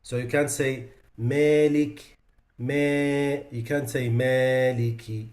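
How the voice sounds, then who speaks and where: A man teaching a tajweed lesson, his voice sitting at an ordinary middle pitch. He explains each mistake in plain speech, then stretches out example words slowly and with emphasis to show the difference. The room around him is echoey and reverberant. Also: level tone. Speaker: Quran recitation teacher.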